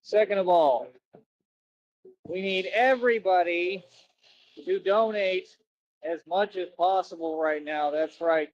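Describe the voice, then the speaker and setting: A man's voice: high voice, takes it slowly, long pauses, muffled recording, slight background noise. A man livestreaming outdoors near a road, rambling and repeating himself as he chats to viewers. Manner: rambling and repetitive, keeps saying "that's right". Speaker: livestreamer asking viewers for donations. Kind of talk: casual rambling livestream chat.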